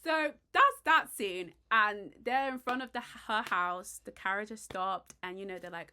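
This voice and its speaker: A British woman vlogger chatting casually and excitedly about a TV romance, gushing and getting loud at times. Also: mid-range voice, a little slow, few pauses. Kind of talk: casual chat about a TV show.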